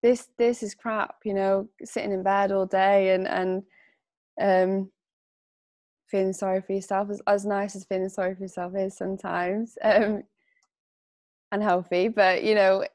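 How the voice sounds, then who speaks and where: A woman's voice: mid-range voice, steady tone, a little slow, pauses often, darkish tone, dry recording, clean studio sound. A young woman talking as a podcast guest, chatty and full of fillers, and she laughs often and gets emotional. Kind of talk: casual interview chat.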